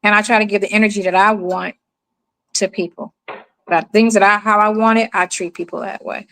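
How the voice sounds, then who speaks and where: A woman's voice: medium pitch, brisk, a little hiss or hum, low-quality recording. A middle-aged woman from the United States telling stories in casual chat, acting out the people she quotes. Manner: animated storyteller, acts out quoted people.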